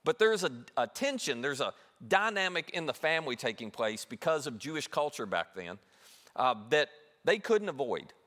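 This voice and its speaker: Male pastor, animated sermon delivery, slightly high voice, long reverb of a big hall. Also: normal speed. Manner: animated storytelling, acts out voices of siblings. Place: church auditorium.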